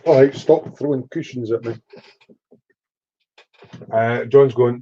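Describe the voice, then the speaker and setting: A man's voice: medium pitch, fairly even intonation, slow pace, slightly rough, lo-fi sound. A middle-aged man from Edinburgh with a Scottish accent, chatting casually and reading out chat on a live stream. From Scotland. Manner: swearing, rambling storyteller reading chat aloud.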